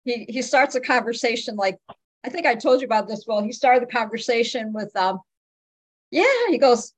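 An older woman chats on a podcast, drawing out her words as she tells a story. Her voice sits a bit higher than most women's. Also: moderate pace. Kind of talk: casual chat.

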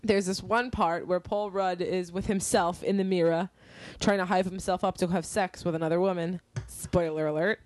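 A woman's voice: on the low side, steady tone, moderate pace, few pauses, darkish tone, dry recording. A woman co-hosting a casual podcast chat, gushing and giggling through crude jokes on a close microphone. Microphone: close studio mic.

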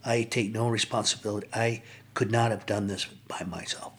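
An older man, a podcast guest, telling his personal recovery story in an earnest, reflective way with frequent pauses. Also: fairly low pitch, fairly even intonation, slightly rough.

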